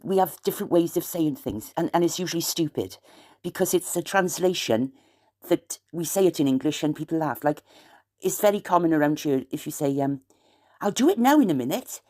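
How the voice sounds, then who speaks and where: Low-voiced South Welsh woman rambling. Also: a little fast, dark tone. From South Wales. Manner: chatty, wandering, aggrieved asides. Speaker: vlogger. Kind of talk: rambling late-night chat to camera.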